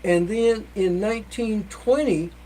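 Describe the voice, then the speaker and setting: A guest on a community TV show, speaking haltingly with many filler pauses. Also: medium pitch, mellow, slight background noise, poor audio. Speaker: service club guest. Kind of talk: casual interview.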